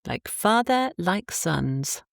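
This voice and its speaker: A woman's voice: on the low side, very animated, slow, vocal fry, no room sound, studio quality, pitched above the performer's own voice, full character voice. A woman voicing a cheerful, affectionate young Cornish wife in an audiobook, speaking in a lilting dialect. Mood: fond.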